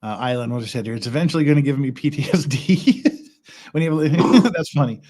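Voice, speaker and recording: A man's voice: mid-range voice, brisk, a little mellow. A man hosting a casual livestream, rambling and chuckling as he builds Lego and counts pieces aloud. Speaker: stream host.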